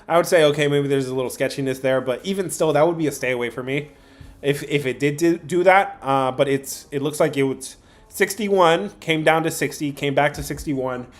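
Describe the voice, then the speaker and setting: A man's voice: a little high, brisk. Chatty man hosting a betting stream. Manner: chatty, addresses chat viewers directly, frequent fillers. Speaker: sports betting livestream host. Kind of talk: casual livestream commentary.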